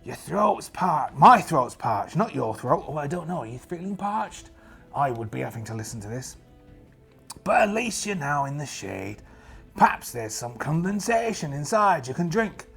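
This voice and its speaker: A man's voice: fairly high pitch, sing-song, normal speed, creaky, a bit bright, faint music behind. A man playing a solo tabletop game as a pirate, talking to the camera in a put-on pirate accent with playful, rambling jokes and asides.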